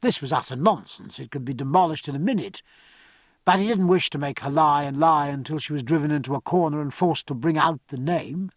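A man reads a seafaring novel aloud with a measured, even delivery. His voice sits slightly high for a man and the studio sound is dry and close. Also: no room sound. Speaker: audiobook narrator. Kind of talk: scripted narration.

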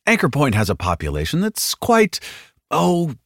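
A man voicing a slick, overconfident corporate spokesman with a smooth news-anchor cadence. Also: a little high, wildly swooping pitch, moderate pace, a bit bright, no echo, studio quality, voice pushed up, heavily acted. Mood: hearty.

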